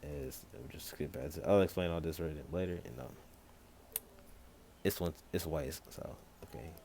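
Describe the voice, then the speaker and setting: A man with a very low voice tells a homemade fan story off the cuff, stumbling and restarting as he goes. A faint hiss sits behind him throughout. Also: moderate pace, creaky, mellow. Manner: rambling, full of fillers and restarts. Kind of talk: improvised fan story narration.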